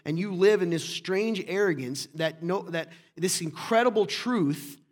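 A middle-aged pastor preaching with a somewhat high voice. He talks with passion and emphasis, often pushing into loud, fervent bursts. His delivery is that of a sermon to a congregation. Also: a little slow.

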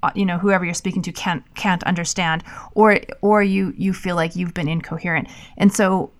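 Thoughtful low-voiced woman podcast co-host. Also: little pitch movement, fairly quick. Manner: thoughtful, hedging, trails off and restarts. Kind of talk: casual conversational podcast chat.

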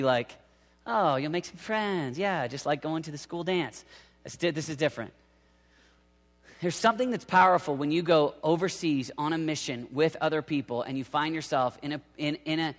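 High-pitched guy preaching, lively, doing voices, lots of hall echo. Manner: energetic, acts out quoted voices. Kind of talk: sermon. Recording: reverberant hall.

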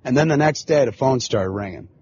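A man's voice: mid-range voice, expressive, a little fast, darkish tone, a little hiss or hum. Profane rambling man, muffled recording. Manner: profane, rambling, frequent filler phrases. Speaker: podcast host. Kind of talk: casual storytelling monologue.

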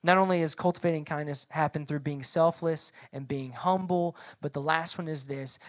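A young adult woman preaching a sermon to middle schoolers in an animated, conversational way, asking the audience questions. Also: low-pitched, moderate pace, few pauses, dry recording, clean studio sound. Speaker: youth pastor.

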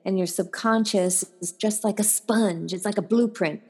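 A woman's voice: normal speed, husky. A woman guest on a podcast interview, a life coach who tells stories with animation and acts out the voices in them. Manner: animated storyteller, acts out voices with big pitch jumps.

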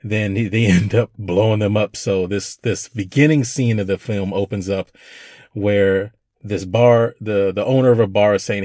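A man co-hosting a podcast, chatting casually about movies in a rambling way and now and then acting out scenes in quick put-on voices. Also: lowish voice, a little mellow, no echo, clean studio sound. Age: young adult to middle-aged, a parent. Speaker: podcast co-host. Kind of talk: casual film review chat.

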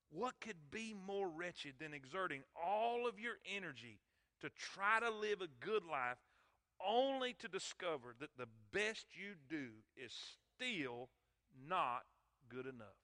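A man's voice: high voice, very animated, measured pace, bright, forceful tone. A man preaching a sermon, emphatic and calling out to his congregation. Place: church sanctuary. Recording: long hall reverb in church.

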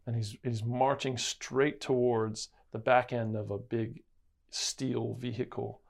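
Gravelly guy, mid pitch, earnest bible chat story. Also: little pitch movement, slow. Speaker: co-host. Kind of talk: casual Bible-study chat.

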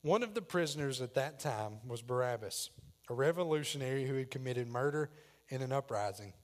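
A man's voice: medium pitch, animated, brisk. A man preaching a sermon, dramatic as he acts out the voices in the story. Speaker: pastor.

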